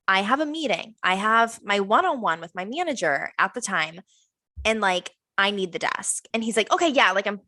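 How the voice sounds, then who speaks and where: A young woman, co-hosting a casual podcast and telling an animated story, acting out the other people's lines. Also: mid-range voice, dry recording. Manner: animated storytelling, acts out quoted dialogue. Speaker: podcast co-host. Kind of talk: casual chat.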